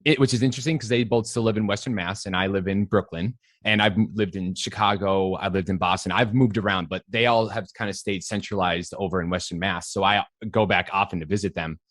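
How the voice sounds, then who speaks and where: A man's voice: deep voice, fairly even intonation, brisk, few pauses, a bit bright, dry recording. A man in his thirties from Western Massachusetts, chatting animatedly as an interview guest, with lots of fillers and easy laughter. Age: 30s. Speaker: guest actor. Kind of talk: casual interview chat.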